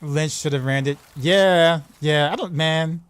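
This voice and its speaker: A man chatting on a game livestream, his voice sitting a little high for a guy. He talks in an excitable, rambling flow, stumbling and restarting his sentences. The sound is close and dry, with no room behind it. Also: measured pace, clear, resonant tone, no room sound. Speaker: game streamer. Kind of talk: casual livestream chat.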